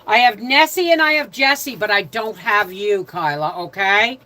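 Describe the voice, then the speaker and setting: A woman's voice: mid-range voice, normal speed, poor audio. An older woman hosting a casual live stream from home, greeting viewers by name and telling rambling stories. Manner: quiet prayerful tone. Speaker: livestream host.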